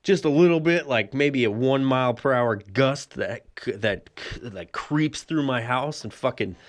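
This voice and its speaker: A man's voice: mid-range voice, unhurried. A man hosting a solo podcast, telling a rambling, profane comic story and laughing often. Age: adult with a son. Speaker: podcast host.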